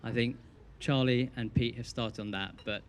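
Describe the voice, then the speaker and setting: A man's voice: medium pitch, fairly even intonation, normal speed. A young man giving a best man's wedding speech, telling a teasing story with dry punchlines.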